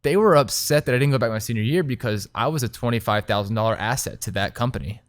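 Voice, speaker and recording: A young man talks fast and animatedly in a relaxed interview, his voice smooth and clear. The recording is dry and close, with no room sound behind him. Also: mid-range voice, dry recording. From Texas. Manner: animated, quick storytelling full of "like". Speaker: restaurant owner and chef, guest. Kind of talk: casual interview talk.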